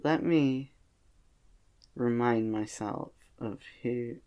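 A man co-hosting a podcast, chatting casually about acting work. He speaks slowly and hesitantly, trips over his words and restarts often. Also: medium pitch, darkish tone, highs cut off. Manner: hesitant, many restarts and fillers. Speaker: podcast co-host and voice actor. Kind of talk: casual chat.

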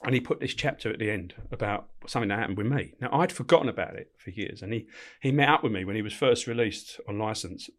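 A man's voice: fairly low pitch, fast talker, few pauses, fairly bright tone. A middle-aged man, a guest in a podcast interview, telling stories bluntly and swearing freely. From England. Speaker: podcast guest, former prison officer. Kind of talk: casual storytelling interview.

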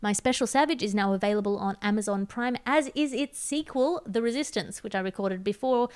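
Woman, comedy podcast host, from Australia, deadpan, mock-exasperated, smooth tone, mid pitch. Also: brisk. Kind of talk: satirical news podcast hosting.

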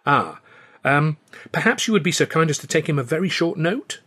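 A man's voice: a little high, animated, normal speed, sharp tone, slightly rough, pitched above the performer's own voice, exaggerated voice. A man reading an audiobook, voicing an earnest, giggly and easily hurt male comedian with a lilting, slightly plaintive manner. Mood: polite.

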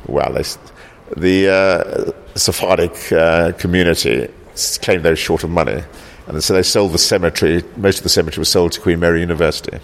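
A man born in South Africa, founder of a local heritage group, answering interview questions in a halting way, repeating words and often ending with "actually". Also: low voice, gravelly.

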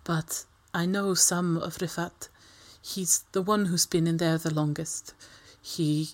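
A woman voicing a young woman freed from captivity, who speaks haltingly and breaks into tearful apologies. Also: fairly low pitch, fairly even intonation. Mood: earnest. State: crying.

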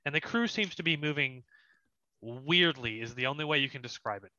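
Young guy dming a tabletop game, really bright voice, kinda dull dry recording. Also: mid-range voice, brisk, no echo. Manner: descriptive, laughs often, casual. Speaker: dungeon master.

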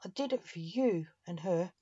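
A woman reading the lines of a sly male necromancer who performs as an actor, in a slow storybook manner with her pitch a little raised. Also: expressive, warm tone, husky, dry recording. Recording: dull lo-fi dry recording.

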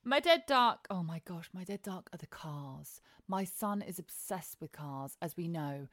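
A woman's voice: lowish voice, lively intonation, unhurried, dry recording, clean studio sound. A woman co-hosting a podcast in casual chat, frank and jokey. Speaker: podcast co-host.

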